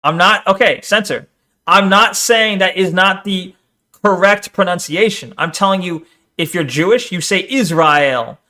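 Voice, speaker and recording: A man's voice: high voice, normal speed, sharp tone. A man streamer giving casual, crude reaction commentary, teasing and laughing often. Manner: crude, profane banter.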